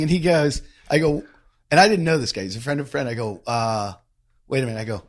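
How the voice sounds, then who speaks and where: Animated male podcast host telling stories. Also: mid-range voice, brisk. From from the American West. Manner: animated storyteller, acts out quotes loudly. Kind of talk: casual chat.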